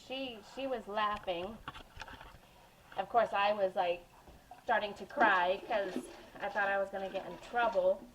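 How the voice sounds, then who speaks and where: A woman talks casually and rambles a little as she bakes in her home kitchen. Her voice sits at an ordinary middle pitch and bounces around a hard, echoey room. A faint hum runs underneath. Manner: chatty, rambling, laughs while telling stories. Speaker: home cooking vlogger. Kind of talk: casual storytelling while baking.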